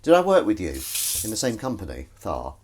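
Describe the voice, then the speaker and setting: A man hosting a casual live stream, rambling and self-mocking with sudden shouts while he does the washing up at home. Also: on the low side, wildly swooping pitch, moderate pace, slightly rough. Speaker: streamer host. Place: home kitchen, doing the washing up. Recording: clattering dishes and running water.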